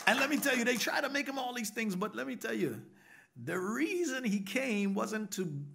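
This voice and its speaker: A man's voice: very high voice, expressive, moderate pace, gravelly, bright, forceful tone. A man preaching a sermon to a small group in a living room, working them into call and response. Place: home living room, at a table.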